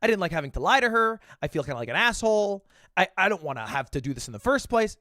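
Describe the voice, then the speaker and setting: A man's voice: high-pitched, very animated, fast talker, sharp tone, no room sound, studio quality. A male streamer telling a story in a casual, self-deprecating way, swearing freely.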